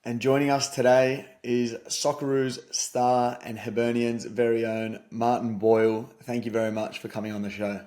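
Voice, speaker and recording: A man co-hosting a casual football podcast, relaxed and swearing freely. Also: medium pitch, normal speed, few pauses. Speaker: podcast co-host.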